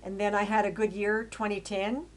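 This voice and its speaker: An older woman from Canada narrating her life story over photos in a rambling way, with many fillers and restarts, growing loud and emphatic as she gets indignant. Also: medium pitch, level tone, normal speed. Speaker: autobiographical storyteller.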